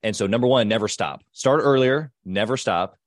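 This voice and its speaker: A man's voice: fairly low pitch, moderate pace, dry recording, studio quality. A man hosting a podcast interview, talking conversationally and affirming his guest often. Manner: affirming, conversational, frequent agreement. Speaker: podcast host.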